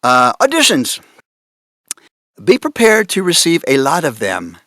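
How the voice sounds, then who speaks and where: A man speaking on a conference panel about voice direction, amused and animated, laughing often. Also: on the high side, measured pace, no room sound, clean studio sound. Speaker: panelist on voice acting.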